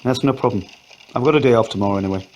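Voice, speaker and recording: A man's voice: mid-range voice, rapid-fire, darkish tone, a little hiss or hum, close to an everyday voice. A man voicing a weary, patient police inspector who asks methodical questions in an audio story.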